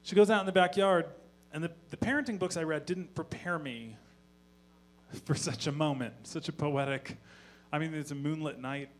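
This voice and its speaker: A man doing a stand-up comedy set on stage, telling stories in a deadpan voice with profane asides. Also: on the high side, moderate pace. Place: live comedy venue on stage.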